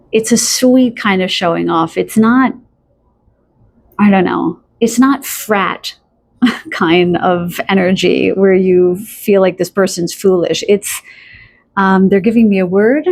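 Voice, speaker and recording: A woman's voice: medium pitch, vocal fry, a little mellow. Chatty woman giving a tarot reading. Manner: chatty and spontaneous, pauses searching for words. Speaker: tarot reader. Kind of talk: channeled pick-a-card tarot reading.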